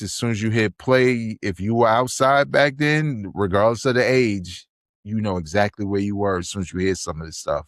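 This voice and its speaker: A man's voice: on the low side, no room sound, studio quality. A man, hosting a podcast and chatting casually, telling stories animatedly and acting out quotes. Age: 40s. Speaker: podcast host. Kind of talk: casual review chat.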